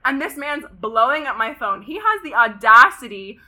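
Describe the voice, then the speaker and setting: A young woman of about twenty from Pasadena, California, guests on a podcast and tells a story with heavy drama. Her voice is very bright and pitched a little high. She piles on "like" and swears freely as she talks. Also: moderate pace. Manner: dramatic, animated retelling, heavy use of "like" and swearing. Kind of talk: casual storytelling chat.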